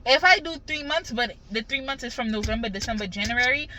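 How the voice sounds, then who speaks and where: Bright-voiced young woman rambling casually. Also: on the high side, lively intonation, brisk, rough recording. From Caribbean. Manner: loose, slangy, cursing freely. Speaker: vlogger.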